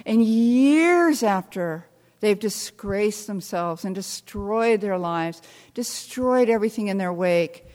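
An older woman giving a talk to an audience, telling wry, self-deprecating stories in an animated way. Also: medium pitch, slow pace. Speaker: speaker. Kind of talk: storytelling talk to a live audience. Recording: long hall reverb.

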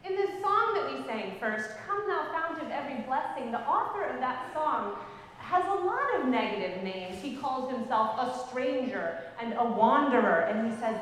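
A woman pastor preaches in a church sanctuary, her voice high and very animated as she explains things and puts questions to the people. The room rings with heavy, long reverb. Faint noise sits under it. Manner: gentle explanatory storytelling, asks the congregation questions. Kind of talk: sermon. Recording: echoey church hall from a distance.

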